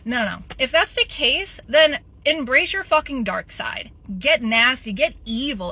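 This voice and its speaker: Brief: woman in her 30s, bright and forceful, a little high, blunt and profane host voice. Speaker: podcast host. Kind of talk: candid personal monologue.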